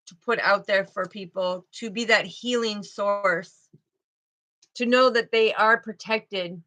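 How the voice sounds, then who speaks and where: A woman's voice: medium pitch, sharp tone, low-quality recording. A woman doing a spiritual card reading, talking in a fervent, emotional way and often repeating herself.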